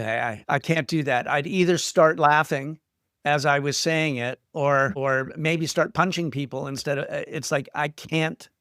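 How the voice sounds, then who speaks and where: A middle-aged man from Canada telling stories as an interview guest, self-deprecating and lively when quoting others. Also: a little high, no echo, studio quality. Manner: self-deprecating, animated retelling of quotes. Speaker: guest screenwriter. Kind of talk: casual interview storytelling.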